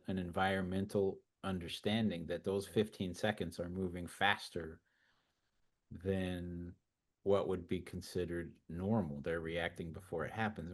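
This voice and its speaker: Male co-presenter, very low register, halting and self-repeating delivery. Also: a little mellow. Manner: halting, repeats words while searching for them. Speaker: webinar co-presenter. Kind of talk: casual webinar talk.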